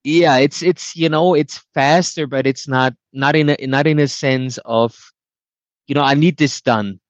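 A man's voice: fairly high pitch, steady tone, unhurried, dry recording, highs cut off. A man from Austria whose first language is German, speaking as an interview guest, often restarting and searching for words. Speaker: guest, IT leader. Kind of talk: casual interview chat.

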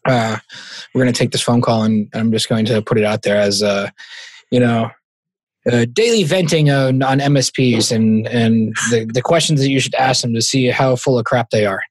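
A man's voice: mid-range voice, moderate pace, no echo. A man hosting a casual podcast chat, laughing easily and rambling through loose asides. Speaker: podcast host.

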